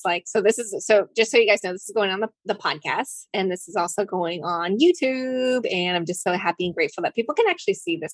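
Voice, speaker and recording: A woman hosting a podcast, gushing and excitable as she thanks her guest. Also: medium pitch, dry recording. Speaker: podcast host. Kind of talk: podcast interview.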